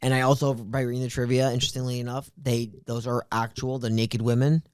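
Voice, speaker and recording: A man co-hosts a movie review podcast, giving blunt verdicts and swearing freely. His pitch sits in the middle range. The recording is dry and close. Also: flat delivery, fast talker, a little mellow, clean tone, no echo. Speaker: podcast co-host. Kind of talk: casual movie review chat.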